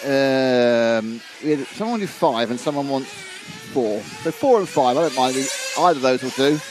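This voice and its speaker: A man's voice: medium pitch, moderate pace, background noise. A man doing live commentary on a model car race, chatty and reading out viewer comments.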